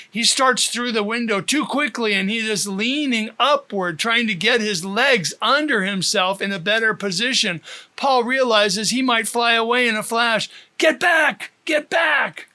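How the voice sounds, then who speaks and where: A man reading his own novel aloud as an audiobook, in a steady, plain storytelling manner. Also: high-pitched. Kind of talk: audiobook narration.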